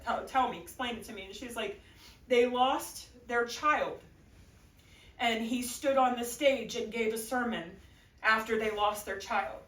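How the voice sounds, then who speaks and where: Middle-aged woman, high voice, earnest church testimony, teary edges, distant echoey room mic. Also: fairly bright tone. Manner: earnest, tearful at times, laughing between phrases. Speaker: church member giving a testimony. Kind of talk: emotional personal testimony.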